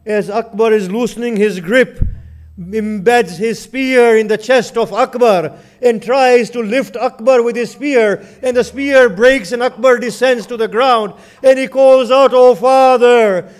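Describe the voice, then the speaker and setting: A man preaching a Muharram lament sermon, recounting in a slow, mournful, drawn-out way. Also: very high-pitched.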